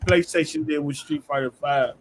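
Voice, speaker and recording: A man's voice: on the high side, steady tone, moderate pace, a little hiss or hum. A man co-hosting a gaming podcast who explains game history casually, often adding "you know what I'm saying". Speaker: podcast co-host.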